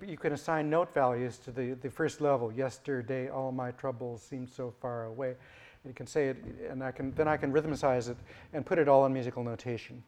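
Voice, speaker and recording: Halting male lecturer full of fillers. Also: fairly high pitch. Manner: halting, many fillers and restarts. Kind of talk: academic lecture.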